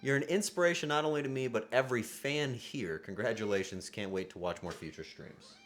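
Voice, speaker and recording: A man streaming live from his home setup, rambling casually with sudden loud outbursts and soft asides. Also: medium pitch, fairly quick.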